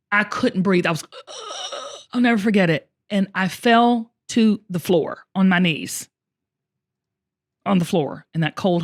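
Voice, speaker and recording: A woman host telling a personal story in casual conversation, emotional and expressive, often speaking straight to her listeners. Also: on the low side. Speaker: show host.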